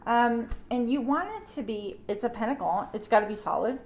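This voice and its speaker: A middle-aged woman giving a casual tarot reading to her audience, chatty and animated, with playful asides. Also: fairly high pitch, fairly quick, slight background noise. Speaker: tarot reader.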